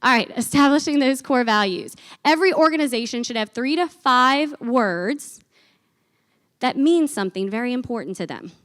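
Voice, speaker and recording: Woman in her thirties, conference speaker, energetic and folksy, slightly high voice. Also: moderate pace. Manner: energetic, chatty, uses folksy phrases. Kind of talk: business conference talk. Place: conference stage before an audience.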